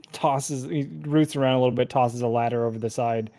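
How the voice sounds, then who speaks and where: A man's voice: mid-range voice, normal speed, mellow. A man narrating as game master in a casual, rambling way with many fillers.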